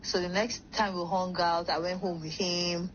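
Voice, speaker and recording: A woman's voice: lowish voice, level tone, normal speed. A young woman, rambling through a casual story full of fillers. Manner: rambling, many fillers like "like" and "blah, blah". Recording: dull lo-fi sound with faint noise.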